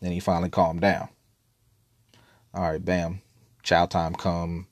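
A man with a deep, low voice tells a story in a loose, laid-back way, swearing freely and rambling between asides. The sound is dry and close, with no room around it. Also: flat delivery, slow, no room sound. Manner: laid-back, profane, rambling with frequent laughs. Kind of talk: casual storytelling monologue.

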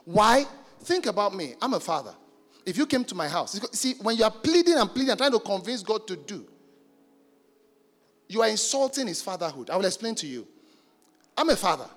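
A man's voice: high-pitched, big pitch swings, fairly quick, long pauses. A man preaching a sermon emphatically and calling out to the congregation. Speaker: pastor. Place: church hall. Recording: reverberant hall with soft music.

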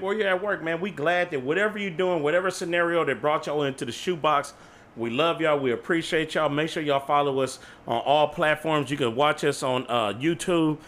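A man co-hosting a podcast, rambling through hyped shout-outs in loose slang. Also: on the high side. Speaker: podcast co-host. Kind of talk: casual podcast sign-off.

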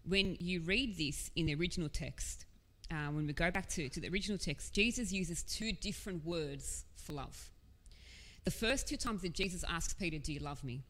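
A woman with a low voice delivers a sermon, earnest and conversational, dropping casual asides as she goes. Her words ring out with a long reverb, as if spoken in a large hall. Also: moderate pace, fairly bright tone. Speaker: preacher.

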